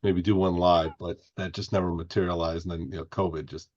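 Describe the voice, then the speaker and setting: A man's voice: sits low, level tone, fairly quick, darkish tone, dull audio. A man from Indiana, a podcast guest, chatting casually and rambling with many restarts. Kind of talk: casual interview chat.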